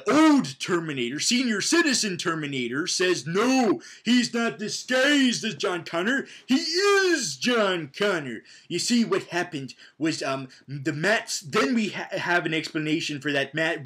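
A man's voice: fairly high pitch, a bit bright, husky. A young man giving a rambling, sarcastic and profane comedic movie recap, with many restarts and voiced characters. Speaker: movie reviewer.

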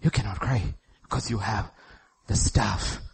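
A middle-aged man from India preaching a sermon in church, acting out God's words and shifting from hushed tones to loud outbursts. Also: lowish voice, unhurried, vocal fry, a little hiss or hum. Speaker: pastor.

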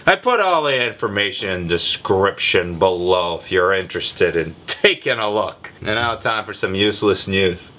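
A man hosting a comedic news vlog, sarcastic and irreverent, with a deliberately lazy, low delivery. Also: expressive, bright, forceful tone. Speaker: vlog host.

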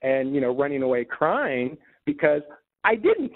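A man telling a personal story as an interview guest, speaking haltingly with many fillers and restarts. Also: on the high side, sing-song. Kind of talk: casual storytelling. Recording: tinny phone-like call audio.

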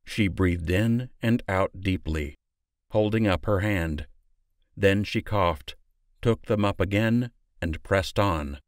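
A man narrating an audiobook in a steady, measured storytelling manner. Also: deep voice, dry recording, clean studio sound. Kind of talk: scripted narration.

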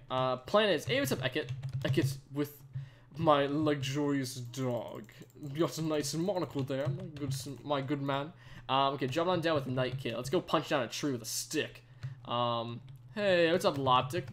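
A young male streamer with a slightly high, fairly bright voice gives chatty live commentary on the game he's playing, greeting viewers and using lots of fillers. Faint keyboard typing and slight background noise can be heard.

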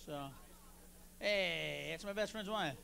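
A man doing a stand-up routine on a club stage, brash and profane, working the crowd and bursting into shouts. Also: high-pitched, slow pace, gravelly, slight background noise. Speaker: stand-up comedian.

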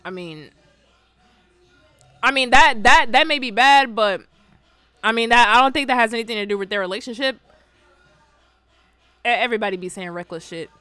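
A woman's voice: on the high side, normal speed, pauses often, bright, forceful tone, clean tone, no room sound. A woman host chatting casually as she reacts to memes, rambling in slang and laughing often. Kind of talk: casual meme-reaction chat.

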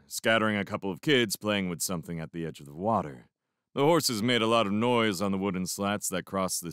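A man with a fairly low voice reads a novel aloud in the first person, his pitch rising and falling widely as he acts it out. He lets reflective pauses sit, and the close mic in a dry room keeps him near. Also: clean tone, dry recording. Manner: expressive reading with reflective pauses. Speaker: fan audiobook reader. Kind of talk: first-person audiobook narration.

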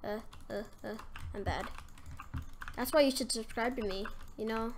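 A woman doing casual, self-mocking commentary over a game, excitable and prone to sudden gasps and yelps. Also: a little high, normal speed, slight background noise. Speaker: gaming commentator.

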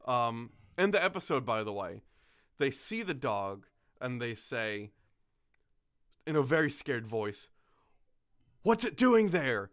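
A man's voice: medium pitch, lively intonation, a little slow, fairly bright tone, clear, resonant tone. A man hosting a podcast, chatting casually with lots of laughs and fillers. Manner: rambling, laughing often, filler-heavy. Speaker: podcast host.

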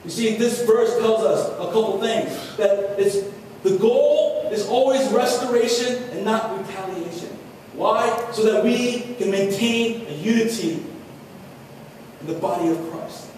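A pastor delivers an earnest sermon, his voice sitting high for a man. He sounds set back from the microphone in a large, echoing hall. When he quotes scripture, he eases into softer tones. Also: measured pace, slight background noise. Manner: earnest preaching, drops to soft tones for quotes. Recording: echoey hall from far off.

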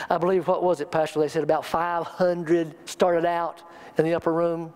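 Folksy pastor preaching. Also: male voice, fairly high pitch, fairly even intonation, normal speed, a little mellow. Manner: folksy, rambling storyteller. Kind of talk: Pentecostal sermon. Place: church sanctuary.

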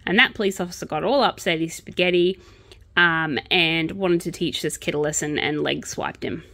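A woman's voice: low-pitched, moderate pace, creaky, a bit bright, no echo. A woman vlogger chatting casually and sarcastically about true crime while she crochets.

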